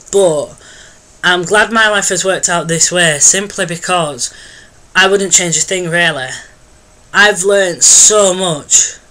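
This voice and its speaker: A young man chatting through a casual video diary update. His voice sits a bit high for a man and sounds bright and edgy. He rambles and hesitates, restarting sentences and filling the gaps with ums. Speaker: vlogger.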